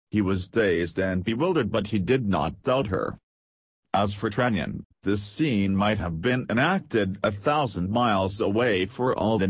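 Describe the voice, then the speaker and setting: A man narrating an audiobook in a steady, measured way. His voice is low and husky, and the recording is dry and close with no room sound. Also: no room sound.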